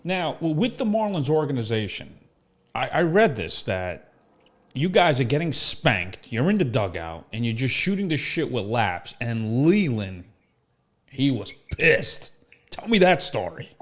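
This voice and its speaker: Brief: an easygoing male interviewer, mid-pitched, very animated intonation. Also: measured pace. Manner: relaxed, interjecting questions. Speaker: podcast host. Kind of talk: casual interview.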